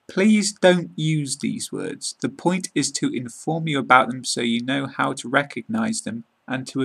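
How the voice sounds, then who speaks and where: A British man hosting a podcast, reading a scripted English lesson slowly and deliberately, repeating each word. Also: mid-range voice, gravelly, a bit bright, husky. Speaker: podcast host and English teacher.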